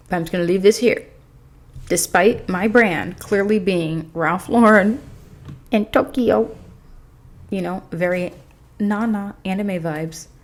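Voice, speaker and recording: A woman vlogger telling a storytime in a rambling, chatty way, full of fillers, recorded on a desk mic in her apartment. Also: on the low side. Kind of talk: casual storytime chat. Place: apartment in a noisy city.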